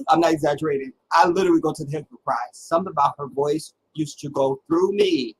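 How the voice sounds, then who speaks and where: A middle-aged man hosting a livestream, telling personal stories in a dramatic, animated way with halting restarts. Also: on the high side, slight background noise, rough recording. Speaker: livestream host. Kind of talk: casual personal storytelling.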